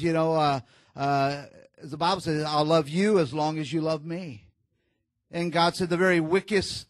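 A man delivering a sermon in a slightly high voice, recorded close and dry. He tells stories and drops to a near hush at the tender parts. When he exhorts, he climbs louder, with halting fillers and restarts along the way. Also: dry recording. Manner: storytelling, drops soft and low at emotional moments, rises louder when exhorting. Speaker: preacher.

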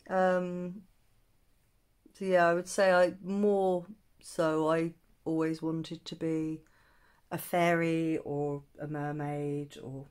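A young woman's relaxed makeup vlog, spoken slowly in a lowish voice. She muses over each question, pausing with plenty of ums and teasing herself gently. It sounds close and casual, like she's talking to camera while working. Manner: thinking aloud with many ums, self-teasing. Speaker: beauty vlogger. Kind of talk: chatty makeup tutorial vlog.

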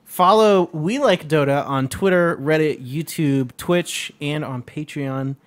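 A man's voice: fairly high pitch, slow. A man hosting a casual gaming podcast, upbeat and wrapping up the show with plugs. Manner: upbeat, runs the outro and plugs. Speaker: podcast host.

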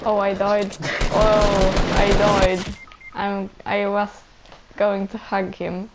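A man voicing his pet dog as a goofy male gamer who speaks broken English with excitable exclamations. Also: high-pitched, takes it slowly, voice pushed up. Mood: excited. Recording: noisy with clicking.

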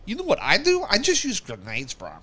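A man in his twenties chats loosely over a headset. His voice bounces wildly up and down in pitch with a bright, forceful edge. He swears and drops bro into almost every sentence. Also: wildly swooping pitch, brisk, a little hiss or hum. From Australia. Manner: slangy, swears a lot, says bro constantly. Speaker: game streamer chatting out of character. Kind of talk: casual voice chat.

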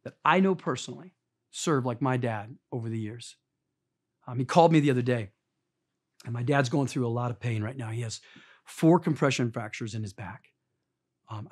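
A middle-aged man preaching a sermon as pastor, earnest, moving from loud emphasis down to soft, hushed storytelling. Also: medium pitch.

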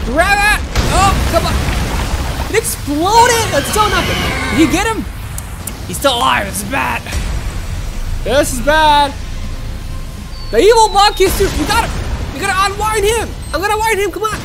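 A woman hosting a gaming channel, giving excitable let's play commentary and talking to viewers as "guys". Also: extremely high pitch.

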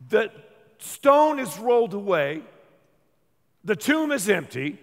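High-voiced animated preacher in a hall. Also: male voice. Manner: animated, acts out quoted voices with humor. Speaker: pastor. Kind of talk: sermon with live painting.

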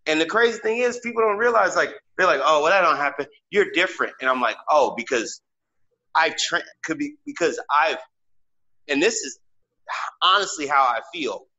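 A man's voice: a little high, lively intonation, moderate pace, bright, forceful tone, lo-fi sound. A man co-hosting a casual podcast, talking emphatically and leaning hard on filler words. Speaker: podcast co-host.

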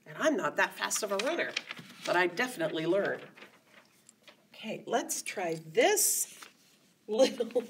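A woman children's librarian leads storytime, using sing-song rhymes and coaxing questions for young children. Her voice is medium-pitched and husky, and sounds a little distant from the mic.

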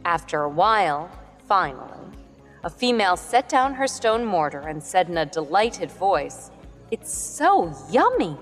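A woman reading a storybook narration in a calm, measured way. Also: lowish voice. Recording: long reverb with background music.

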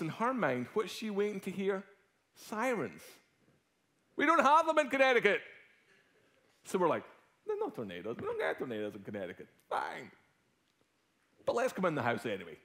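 Animated Scottish man preaching. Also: fairly high pitch, normal speed, pauses often. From Scotland. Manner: animated storytelling, swinging from hushed to loud. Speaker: guest preacher. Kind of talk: sermon with personal story.

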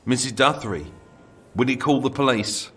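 A man's voice: mid-range voice, big pitch swings, unhurried, fairly bright tone. A man voicing a shaken middle-aged man who cannot believe what he has done, speaking in a trembling, disbelieving way.

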